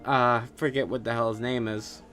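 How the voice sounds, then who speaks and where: A man's voice: fairly high pitch, expressive, a little slow, fairly bright tone, faint music behind. A man hosting a wrestling podcast on his own, ranting in a casual, profane and scornful way with lots of fillers. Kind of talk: casual solo rant.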